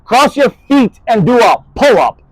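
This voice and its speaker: A man talking in a rambling spoken-word monologue, jumping between topics and swearing, his voice rising and falling in loudness. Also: very high voice, big pitch swings, unhurried, no echo, rough recording.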